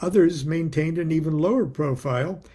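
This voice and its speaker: Wry male author reading aloud; husky, mellow, slow-paced, chuckles between lines. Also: a little high. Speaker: author reading his own book. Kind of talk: reading aloud with personal asides.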